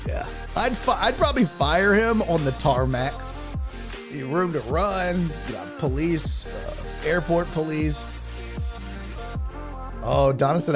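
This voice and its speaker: A man's voice: on the high side, expressive, slow pace, over music. A man hosting a live-streamed sports talk show, ranting with lots of profanity and answering viewer chat.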